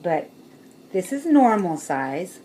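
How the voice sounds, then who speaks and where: A woman's voice: fairly low pitch, sing-song, takes it slowly, heavy background noise. A woman chatting casually to her camera as a vlogger, showing things with bowls and laughing often.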